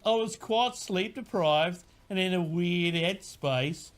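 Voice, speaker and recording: A man's voice: high voice, takes it slowly. A man reading out a listener's spooky story as an Australian woman, in an exaggerated put-on Australian accent. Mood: storytelling.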